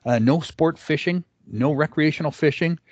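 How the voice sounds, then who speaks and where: A man's voice: a little high, normal speed, a little mellow, dry recording. A middle-aged man giving a conversational storytelling presentation, with frequent filler words. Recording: dull, lo-fi dry recording.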